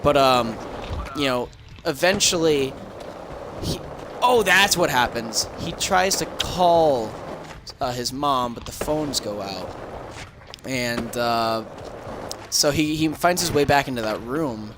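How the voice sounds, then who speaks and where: Slow and given to long pauses, a man with a mid-range voice and lively intonation recounts a movie plot during a game stream. It's casual, rambling chat laced with swearing and fillers, captured as crackly audio with background noise.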